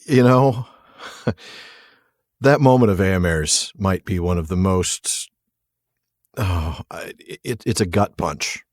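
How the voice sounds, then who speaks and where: A man co-hosting a podcast in casual chat, jokey and quick to laugh. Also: deep voice, dry recording, studio quality. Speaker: podcast co-host.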